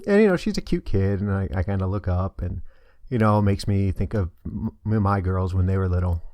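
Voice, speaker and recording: A middle-aged man tells a story in a casual, rambling way, with a lowish voice and lots of "uh" and "you know." The sound is close and dry, with no room around it. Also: lively intonation, normal speed, warm tone, dry recording. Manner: rambling, hesitant, many fillers. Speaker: vlogger.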